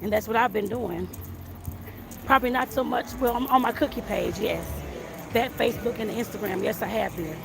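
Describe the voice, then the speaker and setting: A woman on the high side with vocal fry speaks at a moderate pace, a little out of breath as she walks a hot, sunny street. The southern Arizona home baker and life coach casually rambles about her business, repeating "like I said" and "I guess I put it that way," amid loud street and wind noise.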